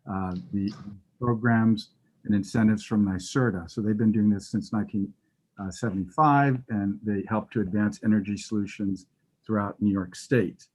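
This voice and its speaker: A man's voice: fairly low pitch, darkish tone. A man giving a facilities presentation to a committee over a remote call, explaining steadily with some fillers. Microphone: remote call audio.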